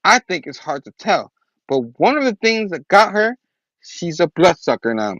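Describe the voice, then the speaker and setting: A man's voice: high-pitched, big pitch swings, normal speed, a bit bright, dry recording, lo-fi sound. A man hosting a casual comic book review, rambling and chatty. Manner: rambling, laughs often. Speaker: host.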